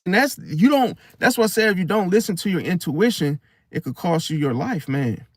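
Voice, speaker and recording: A man's voice: high-pitched, normal speed, no echo, clean studio sound. A man hosting an astrology talk, speaking casually with slang and acting out other people's thoughts. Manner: animated, slangy, acts out inner voices. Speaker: astrology channel host. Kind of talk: casual spoken monologue.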